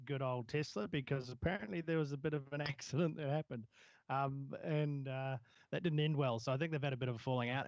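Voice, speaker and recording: Rambling co-host with a dry, dull sound. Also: male voice, medium pitch, darkish tone, no room sound. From Southern Hemisphere. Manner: rambling, hesitant, many fillers. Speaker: podcast co-host. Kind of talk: casual tech news chat.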